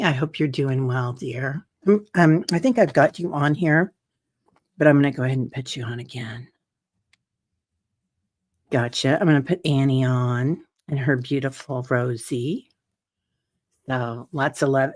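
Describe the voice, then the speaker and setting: A woman hosting a meditation group, chatting gently with viewers, greeting them by name and laughing often, a little teary. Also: extremely low pitch. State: teary-eyed. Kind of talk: casual livestream chat. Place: home, streaming on camera.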